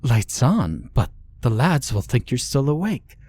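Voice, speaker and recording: A man doing a warm, teasing mother. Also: mid-range voice, very animated, a little slow, husky, pitched above the performer's own voice. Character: warm, gently teasing mother of a young boy. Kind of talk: storybook horror narration.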